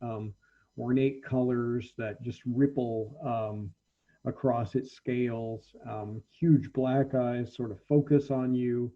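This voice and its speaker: A man narrating as the game master of a tabletop role-playing game, halting and full of ums as he describes the scene. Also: mid-range voice, fairly even intonation, muffled recording.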